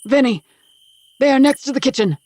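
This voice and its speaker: A woman reading the lines of a young man who stays calm and reassuring in a crisis, with urgency in his words. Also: fairly low pitch, moderate pace, no room sound, close to an everyday voice. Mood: urgent, reassuring. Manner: urgent, comforting.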